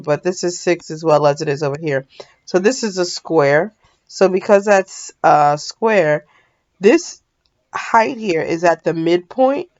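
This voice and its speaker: A woman math teacher with a lowish voice talks through a recorded lesson, sounding sleepy and casual and yawning as she goes. She often pauses to apologize and correct herself, and the audio is lo-fi.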